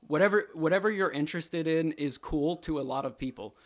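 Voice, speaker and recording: A man's voice: fairly high pitch, fairly quick. A young man talking as a podcast guest in a studio, earnest and thoughtful, working his ideas out as he goes. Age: young adult. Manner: thoughtful, earnest, a bit rambling. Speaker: podcast guest, college athlete. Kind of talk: casual podcast chat.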